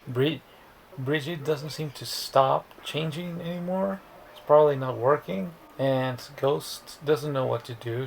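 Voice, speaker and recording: A man's voice: mid-range voice, creaky, a little mellow, slight background noise, low-quality recording. A man casually recapping a movie plot in a rambling, profane way, often restarting words. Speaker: movie reviewer.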